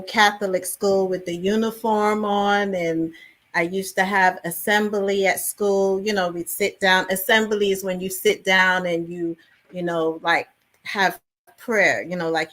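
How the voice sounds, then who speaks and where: A woman, originally from England, telling stories in a lively interview conversation. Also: mid-range voice. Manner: animated storytelling with many fillers. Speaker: actress guest.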